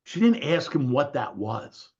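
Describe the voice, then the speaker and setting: A man in casual group call talk, an animated storyteller in real estate who quotes others as he goes. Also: medium pitch, a little slow, slightly rough, lo-fi sound.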